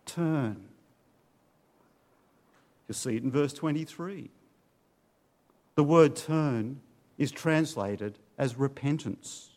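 A man preaching a sermon, swinging between loud urging and low, hushed warnings. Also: slow, long pauses. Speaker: pastor.

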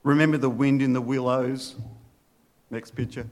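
A man's voice: medium pitch, steady tone. A male pastor preaching earnestly, reading from storybooks and leading a prayer. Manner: earnest, slow and deliberate preaching.

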